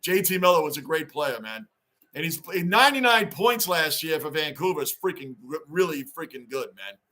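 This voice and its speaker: A man hosting a live sports reaction stream, rambling excitedly and reading fan chat aloud. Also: on the high side, moderate pace. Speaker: livestream host.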